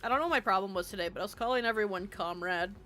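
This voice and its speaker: A woman's voice: medium pitch, racing, bright, forceful tone. A young woman streaming while she builds in a game, chatting in a rambling, self-deprecating way and swearing freely, with faint game music behind her.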